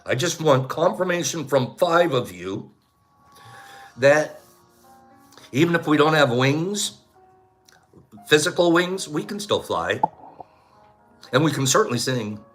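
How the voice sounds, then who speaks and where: A man hosting a casual livestream, upbeat and playful, reeling off long lists of viewer shout-outs with sing-song swings on the names. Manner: playful, varies pitch widely on names. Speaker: livestream host.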